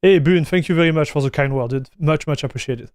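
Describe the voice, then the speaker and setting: A man's voice: a little high, fast talker, a little mellow, dry recording, studio quality. A man with a French accent, a native French speaker, chatting casually on a live stream, answering viewers and calling them dude and broski. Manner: chatty, reads viewer messages aloud, calls people dude and broski.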